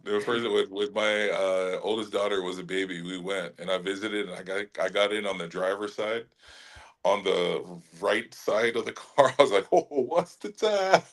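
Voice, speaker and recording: A middle-aged man from Hawaii, an actor being interviewed, talking in a relaxed way with frequent laughs and restarts. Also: low voice, normal speed. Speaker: actor guest. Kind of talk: casual interview chat.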